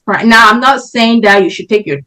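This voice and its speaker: A woman's voice: a little high, brisk, bright, forceful tone, low-quality recording. A woman on a podcast panel, talking in a casual discussion and explaining her points emphatically with everyday examples.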